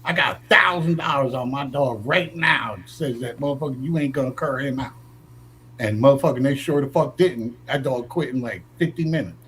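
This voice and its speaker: A man's voice: mid-range voice, fairly quick, a bit bright, slight background noise. A man from the northern United States telling profane stories in a brash, swaggering way, acting out quotes in a raised voice. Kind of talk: profane storytelling.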